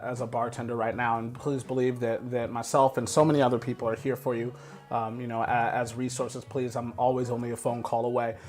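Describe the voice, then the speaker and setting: A man hosting a casual food and whisky pairing talk in an upbeat, chatty way, often saying "you know" and repeating himself. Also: medium pitch. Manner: rambling with repeats. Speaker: host. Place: home kitchen.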